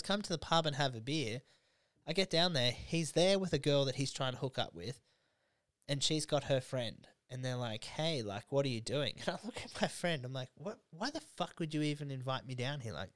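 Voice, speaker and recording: A man's voice: mid-range voice, dry recording. Young Aussie male co-host, crude laughing raconteur, dry studio sound. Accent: Australian. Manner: laughing storyteller, acts out quotes. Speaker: podcast co-host. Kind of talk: casual crude podcast banter.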